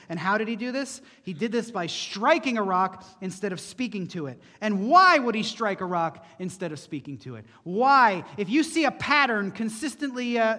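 A man's voice: sits high, fairly bright tone. A male pastor preaching an earnest sermon, posing rhetorical questions to the congregation. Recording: long reverb from a large hall.

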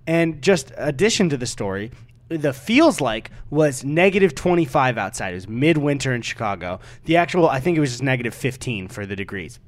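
A man's voice: mid-range voice, very animated, fairly quick. A man co-hosting a podcast, telling a story in a casual, rambling way, full of fillers and swearing. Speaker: podcast co-host.

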